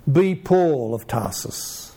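A man giving an informal Bible teaching in a conversational way, full of rhetorical questions and lively asides. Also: medium pitch, slow, a little hiss or hum.

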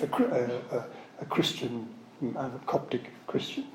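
A Catholic religious speaker gives a spiritual talk full of anecdotes, rambling and digressing and correcting himself often, earnest and openly emotional about his subject. His mid-range voice is unhurried, with a little hiss or hum. The room has a roomy echo with faint ambience.

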